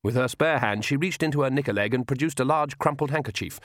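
A man with a measured, wry delivery narrating an audiobook on a close mic. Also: medium pitch, no echo. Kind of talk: scripted narration.

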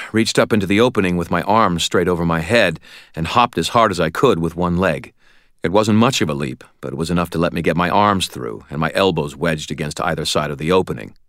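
Deep-voiced man reading an audiobook. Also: dry recording, clean studio sound. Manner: wry, expressive storytelling. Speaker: narrator. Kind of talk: audiobook narration.

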